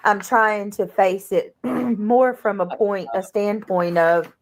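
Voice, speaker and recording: A middle-aged woman hosting a casual livestream, chatting warmly with viewers, greeting them by name, often clearing her throat. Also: mid-range voice. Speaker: livestream host.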